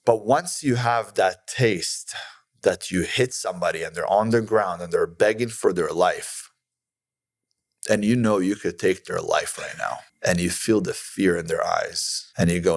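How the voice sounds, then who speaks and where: A man's voice: sits low, moderate pace, dry recording. A man telling boastful tough-guy stories as a podcast guest, acting out quotes with bravado. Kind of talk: boastful storytelling.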